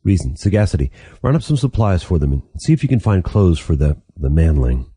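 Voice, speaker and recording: Man voicing a fussy, eager male leader, deep, dark, husky. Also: very animated, a little fast, no room sound, heavily acted.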